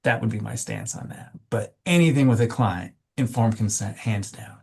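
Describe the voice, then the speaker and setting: A man's voice: lowish voice, moderate pace, creaky, a little mellow, husky. A man on a committee talking casually and emphatically during a meeting discussion. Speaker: committee member.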